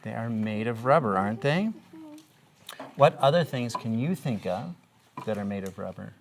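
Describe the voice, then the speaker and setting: A woman with an unusually deep, gravelly voice leads a classroom reading lesson for small children. She speaks patiently and asks one question after another. She slows right down to chant the spelling patterns. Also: animated. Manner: patient, asks many questions, draws out phonics patterns slowly. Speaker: kindergarten teacher.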